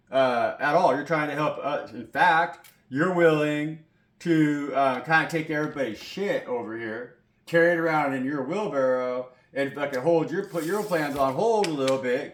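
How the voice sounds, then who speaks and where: A man giving a casual tarot reading to camera, talking in a loose, rambling, profane way full of "you know" fillers. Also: medium pitch. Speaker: tarot reader. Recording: echoey room with faint noise.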